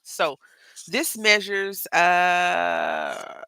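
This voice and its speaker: Hosting a casual live craft tutorial, this Southern Texas woman is chatty and rambling, regularly calling viewers y'all. Her lowish voice is very animated, creaky, pushed and bright, at normal speed with frequent pauses and no room sound.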